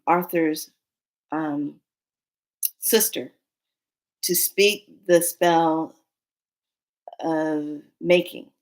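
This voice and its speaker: A woman telling a dream story in a casual, unhurried monologue, acting out the voices she quotes. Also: fairly low pitch. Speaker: spiritual storyteller.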